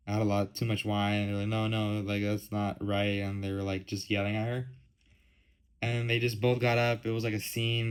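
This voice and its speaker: This solo podcast host, a man in his 20s, has a mid-range, slightly bright voice captured on a low-quality recording. He talks casually and rambles, filling his speech with "like" and "um."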